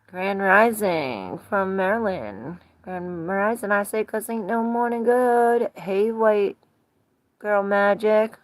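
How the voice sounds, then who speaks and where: A woman's voice: mid-range voice, dry recording. A woman in her forties giving a live tarot reading in a rambling, casual way, greeting viewers as she goes. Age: 40s. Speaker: tarot reader.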